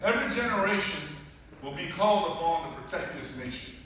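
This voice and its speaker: A man's voice: on the high side, animated, a little fast, a bit bright, slight background noise. A man giving an emphatic speech to a church congregation, repeating phrases for effect. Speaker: guest speaker at a church. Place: large echoey church. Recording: echoey hall, heard from far off.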